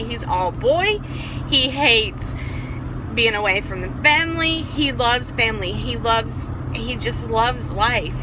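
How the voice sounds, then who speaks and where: A woman in her forties talking earnestly in a casual vlog, recorded on a phone in her car. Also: a little high. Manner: earnest, personal, rambling with restarts. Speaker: vlogger. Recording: car and road noise behind.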